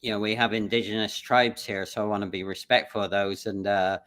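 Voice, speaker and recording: A man's voice: fairly low pitch, little pitch movement, brisk, a bit bright. A man hosting a livestream interview, chatting in an easygoing, encouraging way. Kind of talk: casual interview chat.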